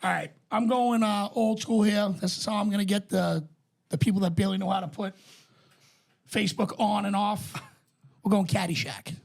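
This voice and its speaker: A man co-hosting a casual podcast, telling animated stories, acting out movie quotes and swearing freely. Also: high-pitched, normal speed, vocal fry. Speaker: podcast co-host. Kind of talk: casual chat.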